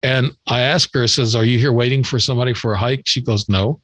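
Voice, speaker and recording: A man's voice: mid-range voice, steady tone, fast talker, fairly bright tone, no room sound, poor audio. An older man, a podcast guest, telling a long story in a rambling way, repeating words and acting out the dialogue. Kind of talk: storytelling in an interview.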